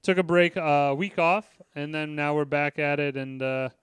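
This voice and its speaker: A man co-hosting a casual sports and music podcast, talking in an animated way, swearing, and acting out what other people said. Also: on the high side, moderate pace, clean tone, dry recording. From Chicago. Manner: animated, swearing, acts out quoted lines. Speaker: podcast co-host. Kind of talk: casual chat.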